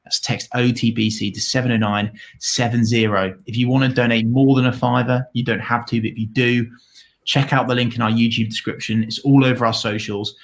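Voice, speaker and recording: A man's voice: mid-range voice, little pitch movement, a little fast. Man, livestream co-host, worn-out voice, cheerful, trips over words. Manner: upbeat, rambling, stumbles over words. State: tired, voice going. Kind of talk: casual charity livestream chat.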